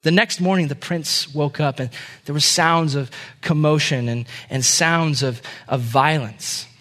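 High-voiced preacher telling a parable. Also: male voice, measured pace, fairly bright tone. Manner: dramatic storytelling. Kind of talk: sermon storytelling.

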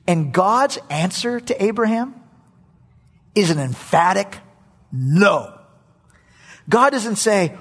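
A man preaches in a church sanctuary, his husky voice leaping between high and low as he acts out prayers and chuckles along the way. The long reverb of the hall trails behind his words. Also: expressive, very slow, long pauses, a bit bright. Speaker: pastor. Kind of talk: sermon.

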